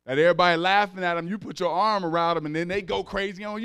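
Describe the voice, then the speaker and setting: Male pastor, slightly high, clear voice; conversational sermon with call-outs and acted-out voices. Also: steady tone, fast, fairly bright tone. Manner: acts out dialogue in raised voices.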